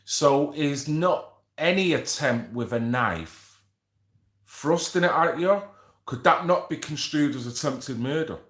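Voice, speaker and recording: A man's voice: fairly high pitch, expressive, slow pace, fairly bright tone, echoey room. A man hosting a casual livestream, bantering with viewers, swearing and reading out names from the chat. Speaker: livestream host.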